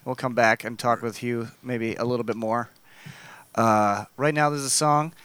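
A man hosting a podcast casually, tossing in jokes and quick questions. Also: medium pitch, fairly even intonation, fairly bright tone, clean tone, no room sound. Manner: joking interjections, playful voices for quips. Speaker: podcast host. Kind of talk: casual chat.

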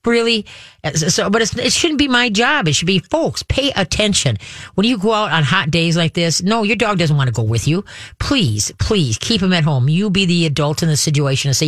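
A man's voice: on the high side, animated, moderate pace, fairly bright tone, no room sound, studio quality. A middle-aged man from Minnesota, hosting a radio show about dogs in a folksy, rambling, casual way. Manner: chatty, folksy, rambling with restarts.

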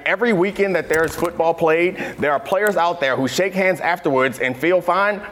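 A man who played pro football, speaking forcefully and with indignation about player safety. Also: sits high. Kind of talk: impassioned sports commentary.

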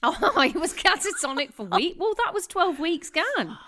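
A woman's voice: very high-pitched, very animated, normal speed, pushed and bright. A woman in her thirties co-hosting a podcast, chatting casually and laughing often as she tells a story. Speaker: podcast co-host. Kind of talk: casual chat.

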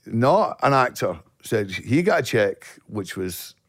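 A middle-aged Glaswegian Scottish man, a guest actor telling stories in casual podcast chat, profane and animated. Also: medium pitch, slow pace, no room sound, studio quality. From Scotland.

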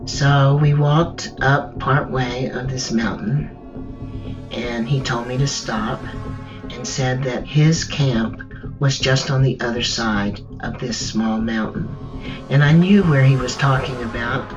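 A woman recounting her own ordeal in the first person, slow and measured, halting in places. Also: extremely low pitch. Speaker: survivor telling her story. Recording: dull distant recording with faint music.

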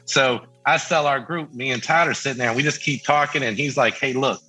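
A band member guest, middle-aged, tells a story in casual chat with a mid-range, breathy voice, speaking fairly quickly. Lively, he acts out the voices of people he quotes, while soft music plays in the background of a rough recording.

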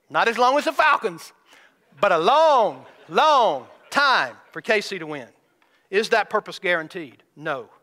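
This man's voice sits high and sounds pushed and bright as he preaches to his flock like a pastor. He stretches important words and peppers the congregation with rhetorical questions, all caught with hall reverb.

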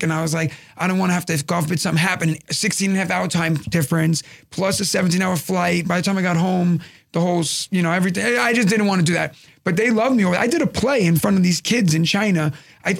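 A young man with a thick New York accent rambles through a story, acting out every quote. His voice sits high and has a gravelly edge. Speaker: podcast co-host. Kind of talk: casual storytelling chat.

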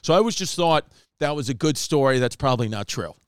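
A man from New York hosting a comedy podcast, telling stories in a casual, animated way and acting out quotes. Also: mid-range voice, fast, no echo, studio quality. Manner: animated storyteller, acts out quotes. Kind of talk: casual storytelling chat.

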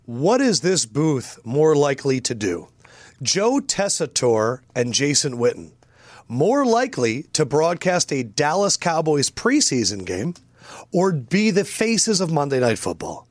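A lively man co-hosting a sports podcast, his fairly high voice swinging widely in pitch as he jokes and riffs. The sound is dry and close, with no room around it. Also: measured pace, no room sound. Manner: animated, jokey, slips into mock voices. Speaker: podcast co-host. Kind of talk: casual sports chat.

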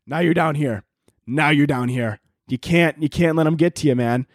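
A man's voice: a little high, normal speed, no room sound, studio quality. A young man hosting his own podcast as a comedian, ranting casually and swearing as he drifts off on tangents. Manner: profane, rambling, goes off on tangents. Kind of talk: casual solo podcast rant.

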